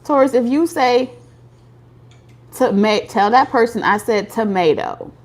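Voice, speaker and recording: A woman's voice: fairly high pitch, measured pace. A woman doing a casual tarot reading for viewers, talking bluntly with slang and profanity. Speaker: tarot reader.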